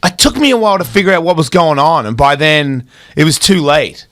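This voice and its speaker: A man telling fight stories on a podcast as a guest, swearing freely and acting out the people he quotes. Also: a little fast. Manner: profane, animated, acts out quoted people in loud high voices. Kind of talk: casual podcast storytelling.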